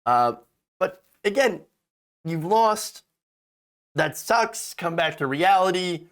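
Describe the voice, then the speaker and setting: A man's voice: sits high, animated, slow, long pauses. A man hosting casual political commentary, sarcastic and mocking, often restarting and stammering mid-sentence.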